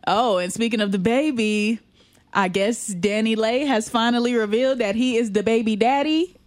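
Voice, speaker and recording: A woman's voice: fairly high pitch, normal speed, no echo. Chatty woman co-hosting entertainment news. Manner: chatty, laughs often, slangy. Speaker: co-host. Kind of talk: casual entertainment news chat.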